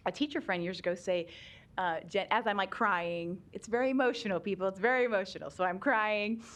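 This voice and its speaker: A woman's voice: mid-range voice, a little fast, fairly bright tone. A woman giving a chatty talk on special education law at a public meeting, laughing often and using many ums.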